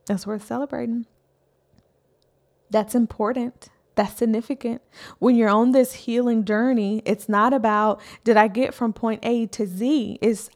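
A woman's voice: a little high, steady tone, a little slow, darkish tone. A woman in her thirties, a healing coach, giving a casual, encouraging motivational talk and often checking in with "right?".

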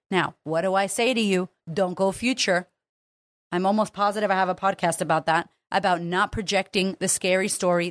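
Brief: female podcast host, lowish voice, candid and profane, dry close sound. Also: no echo. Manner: frank, emotional, swears freely. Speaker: podcast host and confidence coach. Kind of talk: candid solo podcast monologue.

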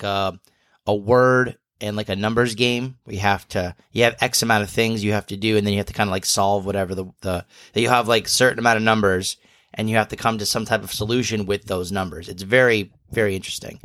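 A man co-hosting a podcast, chatting casually and rambling with many pauses and fillers. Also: lowish voice, steady tone, fairly bright tone, no room sound, studio quality. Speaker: podcast co-host. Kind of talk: casual chat.

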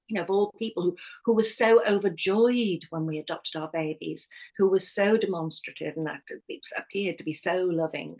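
Her voice is on the low side with a darkish tone, and the recording quality is low. She's a middle-aged woman, a hypnotherapist and life coach, candidly recounting a personal story on a podcast with many restarts and self-corrections.

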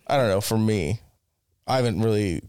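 A man's voice: lowish voice, normal speed, a little mellow, smooth, dry recording, clean studio sound. A man co-hosting a casual podcast, blunt and teasing, swearing often. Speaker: podcast co-host.

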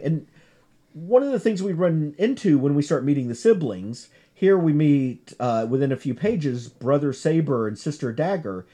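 A man's voice: on the high side, mellow. A man giving a chatty class lecture on comics, full of asides and self-corrections.

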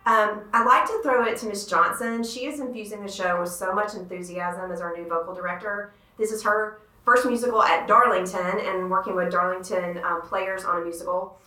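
A woman's voice: mid-range voice, fairly quick, few pauses, sharp tone, echoey room, low-quality recording. A woman theater director hosting a school podcast, enthusiastic as she guides the conversation. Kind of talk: casual podcast interview.

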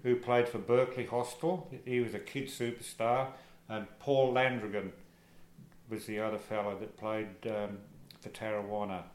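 An older man with an Australian accent, telling stories as the interviewee in an oral history interview, casual and halting with plenty of fillers. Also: fairly low pitch, level tone. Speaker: interviewee, former soccer player. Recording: echoey room.

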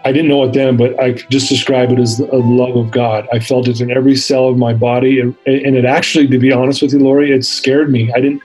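Husky man telling a heartfelt story. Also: medium pitch, flat delivery, fast talker, few pauses, darkish tone, faint music behind, low-quality recording. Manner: earnest storytelling, acts out quoted dialogue. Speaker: guest. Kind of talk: personal testimony interview.

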